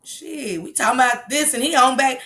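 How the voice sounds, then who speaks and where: A woman's voice: high-pitched, lively intonation, moderate pace, fairly bright tone. A woman hosting a casual livestream, reading the chat aloud and bluntly scolding commenters. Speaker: livestream host.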